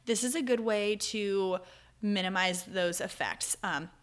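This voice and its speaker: A woman's voice: medium pitch, a little slow. Chatty young woman giving travel tips. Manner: chatty, loose, with fillers and self-corrections. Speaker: podcast host. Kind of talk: casual advice talk.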